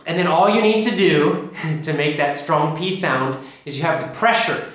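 A man teaching an English pronunciation lesson, drilling sounds and words slowly and emphatically. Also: on the high side, lively intonation, fairly bright tone. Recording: echoey room.

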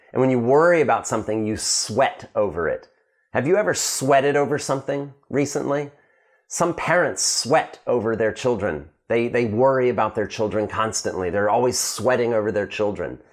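A man teaching English slang to learners, acting out short example lines and often checking in with "right?". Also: medium pitch. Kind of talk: slang lesson to camera.

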